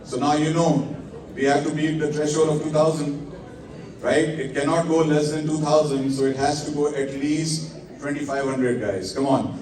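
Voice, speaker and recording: A man's voice: a little high, fairly even intonation, moderate pace. A man running a live charity auction, coaxing the crowd to bid and thanking donors with blessings. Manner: upbeat, coaxing bids, peppered with religious blessings. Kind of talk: live fundraising auction calling. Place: large indoor event hall. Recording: echoey hall, mic at a distance.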